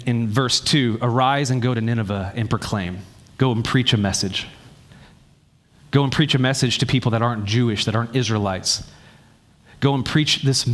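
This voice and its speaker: Animated preacher telling a Bible story. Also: male voice, mid-range voice. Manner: animated storytelling, acting out the sailors' panic. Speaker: pastor. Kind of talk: sermon.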